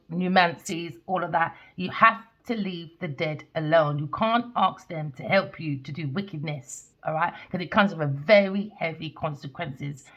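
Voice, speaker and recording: A woman's voice: fairly low pitch, a bit bright. A woman giving a casual tarot reading to camera, chatty and tagging her lines with "okay?" and "all right?". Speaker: tarot reader. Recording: dull lo-fi sound.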